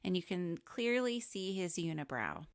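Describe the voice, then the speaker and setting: Brief: deadpan woman co-host with a low, fry-tinged voice. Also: moderate pace, no room sound. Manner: sarcastic, deadpan jokes. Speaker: podcast co-host. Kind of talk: casual movie podcast chat.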